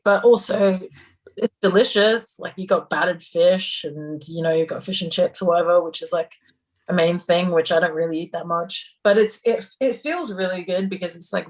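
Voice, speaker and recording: A woman's voice: fairly low pitch, moderate pace, poor audio. A young adult woman with an Australian accent tinged by London, chatting casually as a guest in an interview and rambling a little. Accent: Australian, with some London influence. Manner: rambling, chatty, laughs often. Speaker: guest musician.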